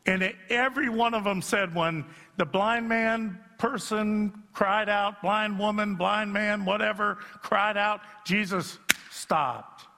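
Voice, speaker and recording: Middle-aged pastor guy preaching, bright sharp voice, big hall echo. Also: high voice, steady tone, takes it slowly, vocal fry, few pauses. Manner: self-deprecating, swells to shouting at peaks. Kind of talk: sermon. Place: church sanctuary. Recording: long reverb in a church hall.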